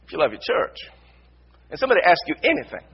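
A man preaching a sermon as pastor, repeating his phrases and building to loud emphasis. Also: fairly high pitch, huge pitch swings, quick pace, vocal fry, breathy edge, dull audio. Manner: repetitive, builds to shouted emphasis. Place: church sanctuary.

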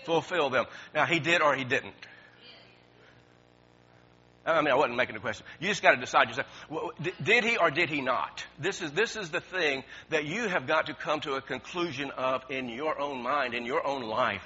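Husky high-voiced man preaching a sermon. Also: a little fast, hardly any pauses. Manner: swings from quiet talk to shouting, repeats words. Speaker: pastor. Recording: dull lo-fi recording.

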